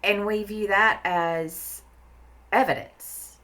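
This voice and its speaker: A woman's voice: mid-range voice, steady tone, takes it slowly, pushed and bright. A woman talking in a casual podcast conversation, blunt and emphatic, swearing freely and repeating words for stress. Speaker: therapist guest.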